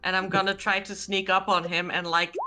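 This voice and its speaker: A woman playing in a tabletop role-playing game, excitable and giggly. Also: mid-range voice, brisk, over music. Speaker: player.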